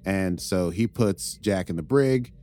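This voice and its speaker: A man recapping an episode in relaxed, wry chat, chuckling at his own asides. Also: deep voice, unhurried, slight background noise. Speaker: podcast co-host recapping episodes.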